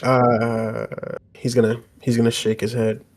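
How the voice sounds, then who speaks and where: A man playing a tabletop game, low-key and often trailing off into mumbles. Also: completely flat delivery, measured pace. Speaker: player.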